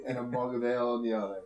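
A man's voice: mid-range voice, steady tone, fast, a little mellow, roomy sound, poor audio. Casual man running a tabletop game. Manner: casual, loose narration with restarts. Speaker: game master.

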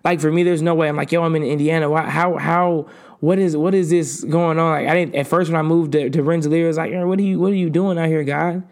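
A man's voice: on the high side, steady tone, quick pace, a little mellow. A man hosting a podcast, giving an earnest, casual faith talk and often repeating words as he goes. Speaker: podcast host.

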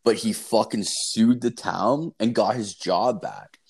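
Low-voiced man telling rowdy stories. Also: slow, creaky, breathy edge. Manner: profane, rambling, animated storyteller. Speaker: podcast co-host. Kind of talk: casual storytelling chat.

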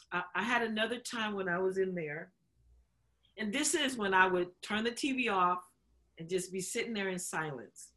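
A woman co-host shares a personal story in candid conversation, laughing often, acting out quotes and choking up as emotion takes over. She speaks at a moderate pace in a medium-pitched, somewhat bright voice.

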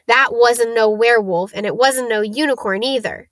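A woman voicing a gruff giant male gamekeeper with a rural English dialect, talking loud and blunt. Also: fairly high pitch, moderate pace, dry recording, clean studio sound, close to an everyday voice. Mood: wary.

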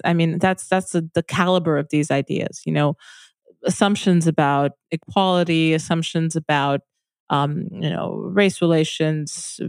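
A woman with a low voice hosts a podcast discussion. She speaks in a halting, thoughtful way, with many restarts and fillers. The recording is dry and close, with no room echo. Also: a little mellow. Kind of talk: casual political discussion.

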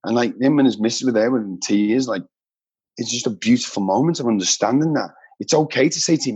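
A man's voice: medium pitch, lively intonation, fairly quick, darkish tone, slightly rough. A man telling heartfelt personal stories in an earnest, emotional way. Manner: earnest, heartfelt, says "mate" often. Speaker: podcast guest. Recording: dull lo-fi sound.

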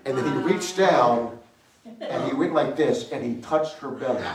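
A man preaching a sermon to a congregation, telling a story with laughter and sudden shouted bursts. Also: mid-range voice, normal speed, crowd noise. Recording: echoey room, mic far from speaker.

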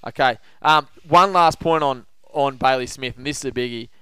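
An Australian man hosting a casual sports betting podcast, talking up his picks with confident, animated banter. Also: mid-range voice, moderate pace, smooth, dry recording. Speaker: podcast host.

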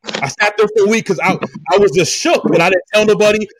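A man hosting a podcast, telling a personal story in an animated, emphatic way and talking straight to his listeners with slang. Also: sits high, fast talker. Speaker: podcast host. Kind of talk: casual storytelling chat.

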